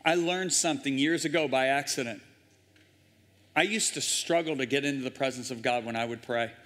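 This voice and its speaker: Guy preaching a sermon, big dramatic storytelling, mid-pitch voice, long church hall echo. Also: fairly quick. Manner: dramatic, intense storytelling with sudden loud bursts. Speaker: guest preacher. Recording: hall reverb in a large church.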